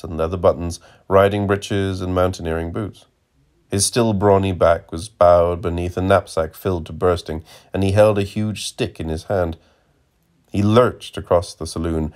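A man narrating a literary audiobook in a measured, deadpan way. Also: low voice. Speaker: audiobook reader.

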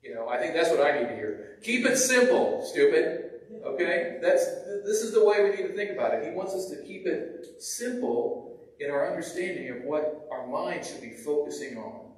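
Higher-voiced preacher, echoey and distant. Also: male voice, animated, normal speed, darkish tone. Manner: conversational, with restarts and repeated words. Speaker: pastor. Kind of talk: sermon. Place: church sanctuary. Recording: echoey church from far off.

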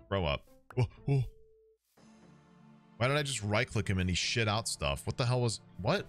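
A man with a lowish voice streams a game and chats to his viewers in a loose, casual way. His pitch swings widely as he gets excited, and he swears freely. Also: moderate pace, pauses often, soft background music. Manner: excitable, swears a lot, talks to chat.

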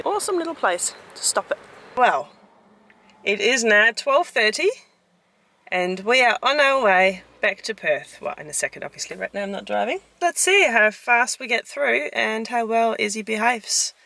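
With background noise behind her mid-range voice, a young woman talks casually to camera in a travel vlog. She's upbeat and laughs often, sometimes speaking to her toddler, while filming on a handheld camera outdoors at a beach and a busy reptile park.

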